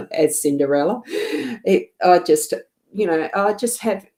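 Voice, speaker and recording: A woman with a South Australian accent giving a rambling, gentle card reading on a livestream from her home desk, often laughing. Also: medium pitch, animated, unhurried. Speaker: psychic card reader.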